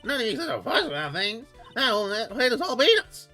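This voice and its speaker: A woman's voice: fairly high pitch, very animated, brisk, bright, forceful tone, soft background music, full character voice. A woman doing a rude, brash ventriloquist puppet. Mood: belligerent. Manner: brash, insulting, swaggering. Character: rude foul-mouthed male ventriloquist puppet. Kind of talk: voicing game characters on a stream.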